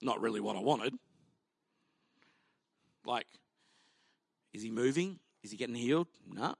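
A man's voice: mid-range voice, lively intonation, unhurried, vocal fry, no room sound. A male pastor preaching a sermon in a conversational, humorous way, acting out the people in the story as he tells it.

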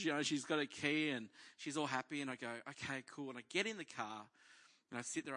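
A man's voice: on the high side, bright, forceful tone. A middle-aged man, a pastor telling a story in a sermon and acting out the voices of the people in it.

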